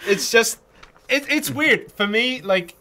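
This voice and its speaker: A man's voice: very high voice, animated, slow, bright, forceful tone. A man from England co-hosting a casual livestream game tutorial, chatty with lots of ums and restarts. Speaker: community manager co-hosting a game tutorial stream.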